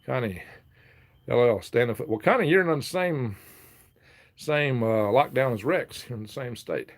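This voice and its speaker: A man's voice: medium pitch, animated, normal speed. A man hosting a casual live stream, reading viewer comments aloud, chatting and laughing often. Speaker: livestream host reading chat.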